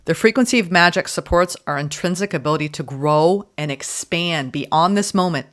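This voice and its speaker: A woman giving a spoken tarot reading, gushing and emphatic, often repeating words and filling pauses. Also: lowish voice, a bit bright. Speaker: tarot reader.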